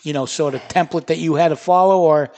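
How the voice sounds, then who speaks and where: Older boston guy hosting a comedy duel, joky banter, a bit high voice. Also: a little mellow. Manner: joking, quick back-and-forth. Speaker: comedy show host. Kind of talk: casual banter.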